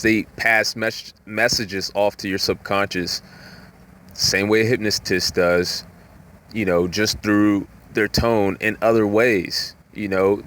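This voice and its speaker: A man talking in a rambling, casual monologue, full of "you know" fillers, sometimes jumping up in pitch to act out voices. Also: fairly bright tone. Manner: acts out voices with jumps in pitch.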